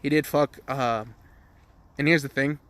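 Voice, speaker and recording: A man's voice: medium pitch, steady tone, a little slow, fairly bright tone. A young man casually improvising a crude fan story, rambling, swearing a lot and laughing at his own jokes.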